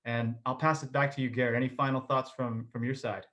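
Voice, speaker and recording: A man hosting an interview over a video call, asking questions and reacting with quick exclamations. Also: medium pitch, level tone, fairly bright tone. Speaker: interview host.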